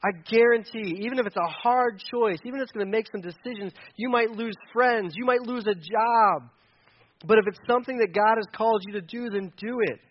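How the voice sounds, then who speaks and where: Passionate high-voiced man preaching. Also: a little fast, muffled recording. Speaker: pastor. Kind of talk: sermon.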